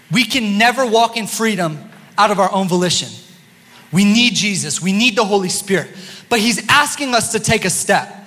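A high-pitched man preaches a sermon to his congregation, easy and playful as he teases listeners between points. His voice carries through a large sanctuary with a long, ringing reverb. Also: pushed and bright. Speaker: pastor. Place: church sanctuary. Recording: long church-hall reverb.

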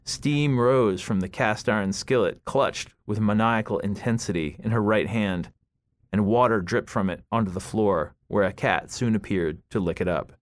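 Low-voiced man reading fiction aloud. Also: no echo, studio quality. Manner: measured, deliberate. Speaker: author reading his story. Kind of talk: literary reading.

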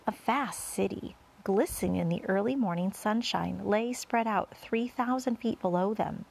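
A woman narrating a children's storybook with an expressive, varied delivery. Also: mid-range voice, normal speed, vocal fry, hardly any pauses, slight background noise. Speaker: audiobook reader.

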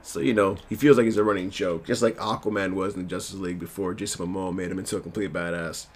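A man's voice: deep voice, steady tone, quick pace, a little hiss or hum. A man casually recapping a TV episode at home, rambling and self-deprecating, with lots of fillers.

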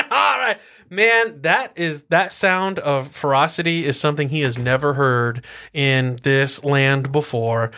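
A woman's voice: low voice, animated, a little slow, pushed and bright, raised voice. A woman running a family tabletop game as game master, narrating the action in a playful, encouraging way.

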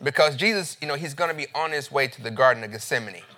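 A pastor preaches a sermon in a relaxed, conversational manner, reading scripture aloud and addressing his listeners as family. He speaks quickly, with a voice of medium pitch.

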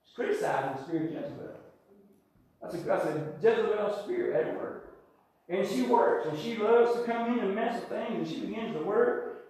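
An older preacher gives a folksy sermon in a high, bright voice, repeating phrases and calling for amens. He sounds far from the microphone, and heavy echo fills the church.

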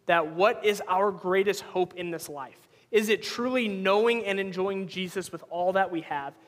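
High-voiced man preaching in a reverberant hall. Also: normal speed. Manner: conversational, storytelling with personal anecdotes. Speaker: pastor. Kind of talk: sermon.

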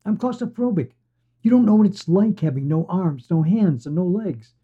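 A man's voice: high-pitched, expressive, normal speed, breathy edge, pitched above the performer's own voice. A man voicing a chatty, pushy talking severed head of a man, needling and wheedling. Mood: pleading. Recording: dull lo-fi recording.

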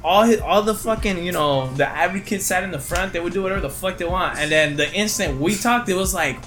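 A young man with a slightly high voice tells a story about his school days to friends. He laughs often and swears freely. Music plays clearly behind him. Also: quick pace, hardly any pauses, fairly bright tone. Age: young adult. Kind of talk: casual chat.

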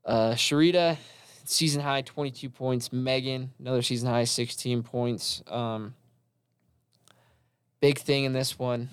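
A man's voice: mid-range voice, fairly even intonation, measured pace, clear, resonant tone, dry recording. A young man co-hosting a college sports talk show, recapping games in a loose, casual way with lots of fillers. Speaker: college sports podcast co-host.

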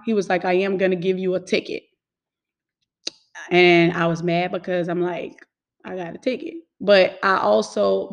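A woman telling a personal story in casual talk, emphatic and swearing freely. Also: mid-range voice.

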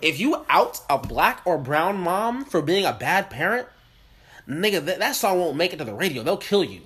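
A young man co-hosting a casual chat podcast, talking in an animated, profane way and acting out voices in his stories. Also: fairly high pitch, moderate pace. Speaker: podcast co-host.

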